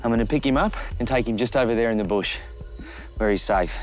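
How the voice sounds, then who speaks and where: A middle-aged Australian man presenting wildlife on location outdoors, chatty and lively, often talking straight to the animal. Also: mid-range voice, fast, faint music behind. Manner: lively, chatty, talks directly to the snake. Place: outdoors in the bush and by a road.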